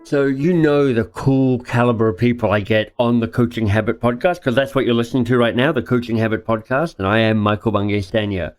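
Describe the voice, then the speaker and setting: A man's voice: medium pitch, faint music behind. Enthusiastic male podcast host. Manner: enthusiastic, gushing, quick to laugh. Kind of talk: casual interview.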